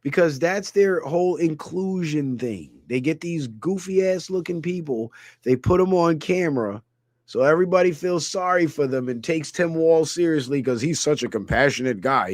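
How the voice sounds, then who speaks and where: A man's voice: medium pitch, normal speed, no echo, clean studio sound. A man hosting a ranting comedy commentary, crude and mocking, laughing at his own jokes. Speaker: channel host.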